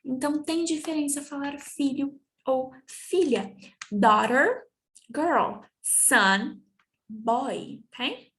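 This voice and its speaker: A young Brazilian woman, a native Portuguese speaker with a Brazilian accent, teaching English family words in a slow bilingual lesson, drawing out and repeating each word. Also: high voice, a bit bright. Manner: slow, drawn-out repetition of words for students.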